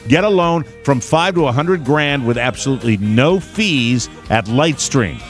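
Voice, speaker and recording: A man's voice: medium pitch, lively intonation, unhurried, faint music behind. A man hosting a talk radio show, bantering jokingly with his co-host and reading ads in a wry, self-deprecating manner. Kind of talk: casual talk radio banter and live ad read.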